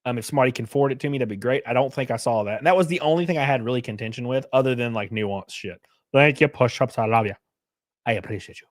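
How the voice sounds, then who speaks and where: A man's voice: mid-range voice, quick pace, dry recording, clean studio sound. A young man chatting casually on a live stream, reading chat aloud with loose, jokey slang.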